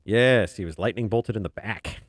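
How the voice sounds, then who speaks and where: A webcomic artist streams himself drawing, his voice on the low side at a normal pace, recorded at studio quality with no room sound. He chats casually and rambles, chuckling and muttering softly to himself as he works while faint music plays behind him.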